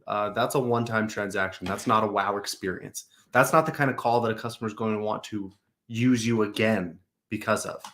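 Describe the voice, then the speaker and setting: A man's voice: lowish voice, fairly even intonation, fairly quick, a bit bright. A man hosting a show, coaching managers on a recorded service call in a direct, advisory way. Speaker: customer service coach, host.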